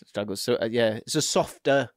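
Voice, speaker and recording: A man's voice: mid-range voice, moderate pace, dry recording, clean studio sound. A man hosting a casual podcast, chatty and laughing as he reads listener messages aloud. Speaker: podcast host.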